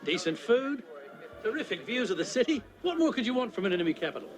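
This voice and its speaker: A brash, boisterous man in a film scene, all effusive greetings. His voice sits high and bounces widely up and down, full of showy enthusiasm. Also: very animated, fast, faint music behind. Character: brash jovial man greeting old friends at a hotel. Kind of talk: film dialogue.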